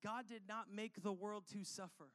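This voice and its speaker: A man with a notably high-pitched voice delivers a sermon as pastor. He reads scripture, then breaks it down in a loose, conversational way. He throws in jokey asides and checks in with his listeners. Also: steady tone, normal speed, fairly bright tone.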